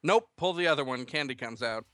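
A man voicing a frustrated teenage farm boy who shouts in exasperation, read aloud in a comedic story. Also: medium pitch, expressive, brisk, no room sound, close to an everyday voice. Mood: exasperated.

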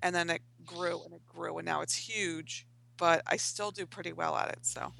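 Gravelly, bright-voiced comic artist chatting. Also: female voice, lowish voice, steady tone, normal speed, rough recording. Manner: rambling, self-mocking, swears casually. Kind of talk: casual panel chat.

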